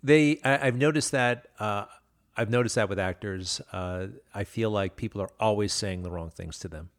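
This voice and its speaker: A man's voice: lowish voice, normal speed. A man hosting an interview, rambling and searching for words as he asks a question. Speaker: interview host. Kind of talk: interview conversation.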